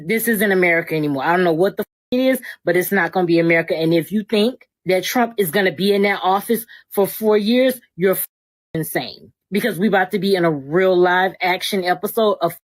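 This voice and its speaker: A woman with a lowish voice delivers a bitter, cutting rant and swears as she goes. The sound is close and dry, with no room echo. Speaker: social media poster. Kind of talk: angry vlog rant.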